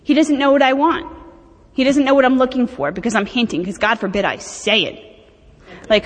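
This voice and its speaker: A woman's voice: sits high, a little fast. A middle-aged woman speaking candidly and animatedly about her own recovery, with self-mocking humor. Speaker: speaker sharing recovery experience. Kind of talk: personal talk at a recovery meeting. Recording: long hall reverb.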